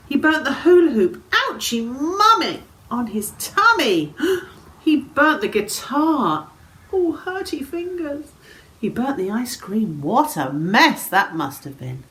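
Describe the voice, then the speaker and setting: A woman presenting a story and song for young children, playful and animated, often dropping to a whisper. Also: mid-range voice, slight background noise, rough recording. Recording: faint instrumental music behind.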